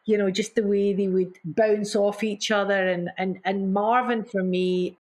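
A middle-aged woman being interviewed, spilling over with enthusiasm as she tells stories. She repeats and restarts herself and acts out what others said, in a voice of middle pitch. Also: fairly even intonation, measured pace, darkish tone. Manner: acts out quotes with gasps and mimicry. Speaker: singer, interview guest. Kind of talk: casual storytelling in an interview.

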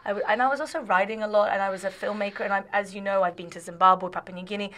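An Australian woman guesting on a podcast tells a personal story in casual chat, animated and laughing while frequently restarting sentences. Her voice is medium in pitch and she speaks very fast.

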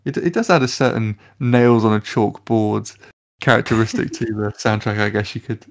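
A man's voice: on the low side, steady tone, normal speed. A man co-hosting a film podcast, reviewing a score in casual chat with many restarts. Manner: hesitant, many restarts and fillers. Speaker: podcast co-host.

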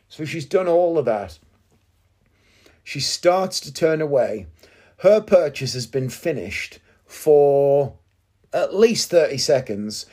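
Indignant man ranting, slightly high voice. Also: darkish tone. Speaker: podcast host. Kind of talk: casual monologue storytelling.

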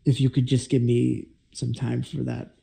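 A man voicing a captive grieving father, weary and bitter, speaking in a measured, solemn way. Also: mid-range voice, completely flat delivery, creaky, mellow, breathy edge.

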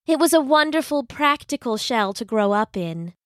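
A woman voicing a sensible, bookish young hermit crab girl who talks in a gentle, reassuring way, in a storybook reading. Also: high-pitched, lively intonation, normal speed, no echo, studio quality, voice pushed up.

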